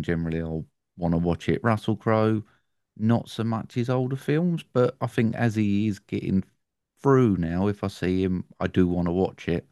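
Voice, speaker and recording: A low-voiced English man who talks bluntly and swears freely in casual podcast chat. He laughs along often. The recording is close and dry. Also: a little mellow, no echo. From England. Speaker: podcast guest.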